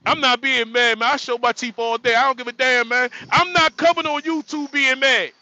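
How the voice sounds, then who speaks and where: On his livestream, a trucker talks fairly quickly in a very high, sharp voice with a steady tone. The recording is low quality, and he keeps joking, repeating himself and laughing as he hosts.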